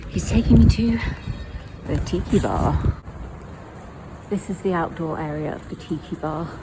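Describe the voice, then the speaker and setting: Chatty woman vlogging, low voice. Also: noisy background. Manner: chatty and self-deprecating. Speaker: food vlogger. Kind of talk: casual vlog narration. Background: background music.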